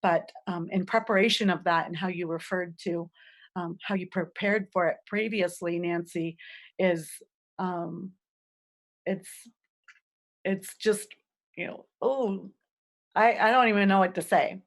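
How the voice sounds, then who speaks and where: A woman with a low-set voice speaks slowly and carefully, hesitating often as she searches for words. She keeps a gentle, conversational tone as she hosts the talk. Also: fairly even intonation. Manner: halting, hesitant, many filler pauses. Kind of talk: casual conversation.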